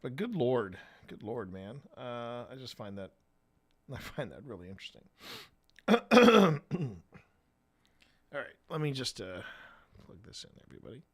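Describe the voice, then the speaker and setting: A man hosting a live stream, chatting casually in a rambling way and often clearing his throat. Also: mid-range voice, sing-song, measured pace, long pauses. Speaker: streamer and host. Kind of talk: casual live-stream chat while gaming.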